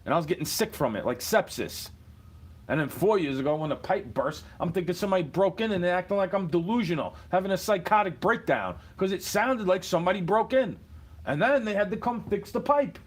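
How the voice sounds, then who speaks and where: A man's voice: high voice, expressive, a little fast, breathy edge. A man delivering a rambling, profane, aggrieved rant to the camera. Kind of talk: ranting monologue.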